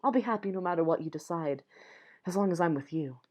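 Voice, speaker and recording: Young woman, lowish voice, reads a romance game aloud with soft giggly asides. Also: lively intonation, fast. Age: young adult. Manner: reads lines softly, breaks off with giggly asides. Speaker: gamer reading a dating sim aloud. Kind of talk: reading game text aloud with reactions.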